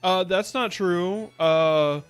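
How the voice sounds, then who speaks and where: Chatty higher-voiced man streaming a game. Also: slow pace, smooth, faint music behind. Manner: rambling and playful, often restarting sentences. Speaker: VTuber streamer. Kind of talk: casual gameplay commentary.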